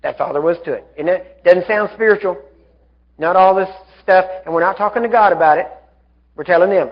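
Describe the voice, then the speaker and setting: Male preacher, high voice, fervent commanding delivery, muffled lo-fi live recording. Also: fairly quick. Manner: fervent, commanding, rising to shouts. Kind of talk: sermon.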